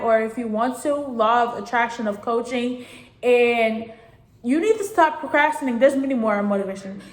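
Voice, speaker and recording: A teenage girl talks straight to her viewers, circling back over the same points in an earnest, rambling way. Her voice sits a little high, and the room around her gives it a noticeable echo. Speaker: vlogger giving advice. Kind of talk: casual spoken advice. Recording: echoey room.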